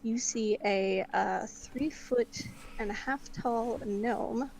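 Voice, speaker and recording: A woman's voice: on the high side, drawn-out words, vocal fry, a little mellow, a little hiss or hum, poor audio. A woman playing a tabletop game, explaining hesitantly with many fillers. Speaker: player.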